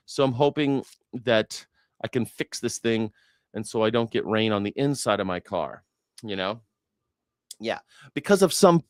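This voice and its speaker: During casual livestream commentary, an independent news and culture commentator rambles through profane, jokey stories, acting out what others said. His voice is mid-range, and the clean studio sound has no room sound.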